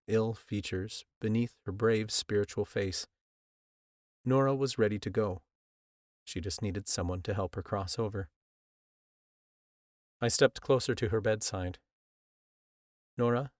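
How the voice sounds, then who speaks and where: A man narrating a first-person audiobook in a measured, earnest storytelling manner, close to the mic. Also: fairly low pitch, dry recording. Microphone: close studio mic.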